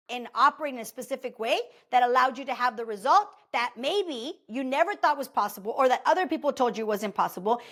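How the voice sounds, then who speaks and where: Chatty woman, pitched a little high. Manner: chatty and animated, full of "like" and "okay?". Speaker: podcast host. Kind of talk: casual motivational monologue.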